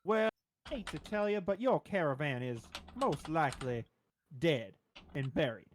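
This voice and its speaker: A man's voice: a little high, lively intonation, normal speed, a little hiss or hum, close to an everyday voice. A man voicing a cheerful woman arms dealer with big poofy hair, chatting up customers in a tabletop game. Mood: confiding. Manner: chipper, shopkeeper patter.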